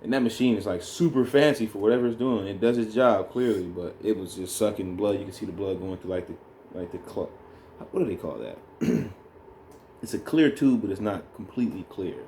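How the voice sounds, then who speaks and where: A man telling a birth story in a relaxed, rambling way, co-hosting a casual chat with his partner. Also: on the low side, brisk, a little hiss or hum. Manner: rambling, animated when retelling. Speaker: co-host, new father.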